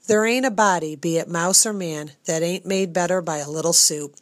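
A woman voicing a stout, middle-aged female castle cook who is gruff but kind and talks in rustic, folksy grammar. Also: on the low side, normal speed, no room sound, lightly acted. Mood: fussing.

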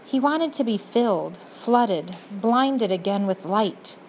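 A woman narrates a storybook aloud, turning now and then to speak straight to the reader. Her voice sits at an ordinary middle pitch, and a faint noise hums under the reading. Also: slow, poor audio. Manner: addresses the listener directly, gently expressive. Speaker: audiobook narrator.

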